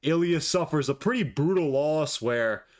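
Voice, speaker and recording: A man's voice: on the high side, expressive, normal speed. A man hosting his own channel, giving blunt, profane, opinionated fight commentary. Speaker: MMA commentator, channel host. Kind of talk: casual ranting commentary.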